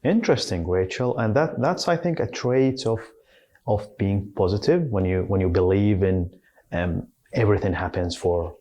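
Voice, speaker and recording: A man with a very low voice hosts an interview, feeling his way through each question with pauses and repeated words. His delivery is unhurried and searching. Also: dark tone. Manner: hesitant, many restarts and fillers. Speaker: interview host.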